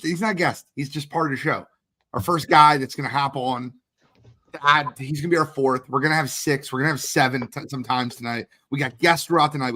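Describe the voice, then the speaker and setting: A man hosting a livestream draft watch party, hyped and talking quickly, shouting out guests and asking viewers to share. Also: mid-range voice. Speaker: host. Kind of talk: energetic livestream chat.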